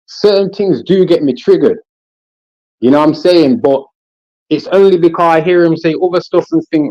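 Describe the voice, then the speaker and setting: Animated British man, street slang. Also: on the high side, no echo, highs cut off. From England. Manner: animated, street slang, repeats "listen" and "you know what I'm saying". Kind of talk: casual podcast discussion.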